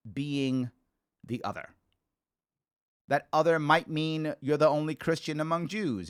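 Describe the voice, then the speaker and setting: A man in his forties, originally from the Bronx, holds forth as a talk show host in a loose, storytelling monologue. His voice sits fairly high and swings widely up and down as he restarts his phrases and thinks aloud. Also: fairly bright tone. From the Bronx, New York.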